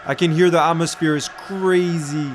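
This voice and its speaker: A slightly high-voiced man hosting a casual live football watchalong. He chats fast and loosely, reads viewer messages aloud and slips in French phrases now and then. A faint hiss of noise sits under his voice. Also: steady tone. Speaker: host of a live match watchalong stream.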